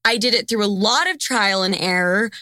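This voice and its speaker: A woman's voice: medium pitch, expressive, normal speed, bright, forceful tone, no room sound, clean studio sound. A young woman hosting a podcast, chatting in a blunt, profane and teasing way. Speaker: podcast host. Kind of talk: casual podcast chat.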